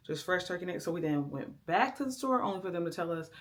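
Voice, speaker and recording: This young woman has a fairly low voice and talks fast and expressively, speaking straight to her viewers in a laid-back vlog. She records herself at home indoors with a handheld camera.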